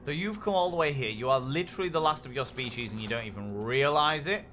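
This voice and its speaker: Cheeky man, bright voice. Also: mid-range voice, fast, slight background noise. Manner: playful, cheeky, profane banter with chat. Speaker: gaming streamer. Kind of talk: casual live-stream commentary.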